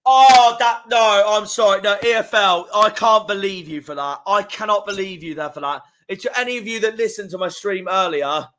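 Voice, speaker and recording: A young man streaming live, reacting to football fixtures, swearing and fuming with loud outbursts. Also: high voice, a little fast, hardly any pauses. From England. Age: young adult.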